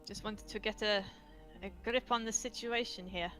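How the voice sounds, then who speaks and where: A woman taking part in a tabletop game as a player. Her bright, crisp voice sits at a middle pitch, and she talks casually with a hint of defiance. Faint music plays behind her. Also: steady tone, normal speed.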